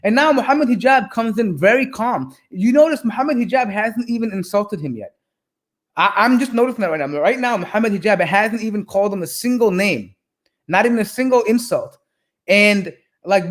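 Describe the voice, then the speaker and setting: Man, high voice, reaction host, casual, mocking, rambling, lots of fillers. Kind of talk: casual live reaction commentary.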